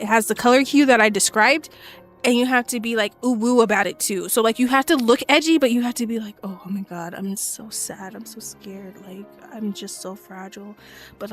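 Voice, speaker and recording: Profane, laughing woman streamer. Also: a little high. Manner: loose, slangy and profane, laughing often. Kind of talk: casual gaming stream chat.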